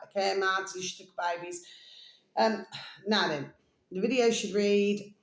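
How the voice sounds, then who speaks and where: A woman vlogging in a rambling, casual monologue, full of fillers and slow dictation. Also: medium pitch. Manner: meandering, full of fillers, dictating text slowly; coos baby talk to her pet. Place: home room. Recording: echoey room.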